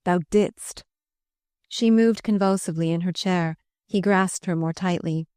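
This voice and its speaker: A woman narrating a historical novel in a measured, steady reading on a close microphone. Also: on the low side, smooth, no room sound. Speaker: audiobook narrator.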